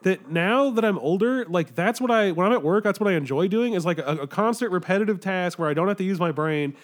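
A man's voice: high voice, fast talker. A young man chatting casually on a podcast, rambling with lots of filler words and swearing. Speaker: podcast co-host.

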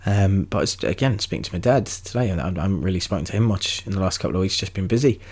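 Fast and animated, this deep, slightly mellow, breathy-edged voice belongs to a young Londoner doing a solo podcast monologue. He rambles, keeps restarting, and curses without holding back.

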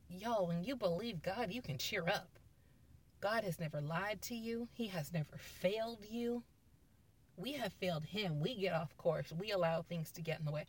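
A woman giving a casual, conversational sermon, retelling scripture stories with emphatic quoted lines. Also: fairly low pitch. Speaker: preacher.

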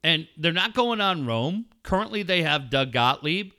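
A man hosting sports radio in a loud, profane rant, full of blunt jabs at his listeners. His voice sits high and swings wildly up and down, with a bright, cutting edge. It sounds like a studio mic. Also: expressive, moderate pace. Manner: loud, blunt and swearing, with mocking asides.

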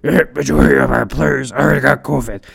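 A man putting on a gruff, deep Cajun accent to voice a stammering male football coach. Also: fairly bright tone, exaggerated voice. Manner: halting, stammering.

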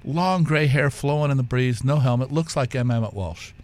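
A man's voice: medium pitch, normal speed. A man, a whiskey company co-founder, telling stories as a guest with fillers and restarts. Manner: animated anecdote-teller with fillers and restarts. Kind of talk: conversational storytelling.

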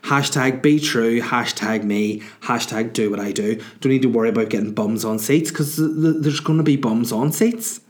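A man's voice: medium pitch, normal speed, hardly any pauses. A man, a comedian hosting his own podcast in a rambling, self-mocking monologue full of fillers.

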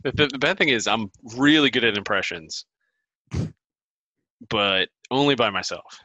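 A man's voice: mid-range voice, lively intonation, moderate pace, sharp tone, no echo, lo-fi sound. A man co-hosting a casual podcast, telling funny stories and laughing often. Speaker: podcast co-host.

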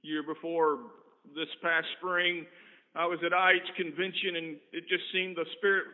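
Man, preacher, high voice, storytelling sermon, loud-to-hushed delivery, tinny phone-like sound. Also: flat delivery, normal speed. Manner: earnest anecdotes that swing from loud to hushed. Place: camp meeting service.

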